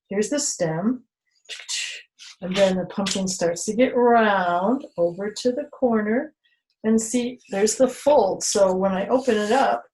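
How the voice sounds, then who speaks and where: Slow, playful woman telling kids a story. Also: mid-range voice, slight background noise. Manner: playful, exaggerated storytelling with hushed whispers; gentle step-by-step instructions to children. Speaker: children's museum storytime presenter. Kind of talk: children's storytime and craft demonstration. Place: at a table with craft supplies. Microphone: camera she moves herself.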